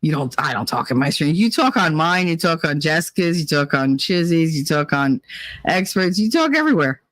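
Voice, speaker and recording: A woman's voice: deep voice, big pitch swings, normal speed, fairly bright tone, no echo, rough recording. A woman livestreamer chatting casually in a blunt, rambling way, swearing and laughing often.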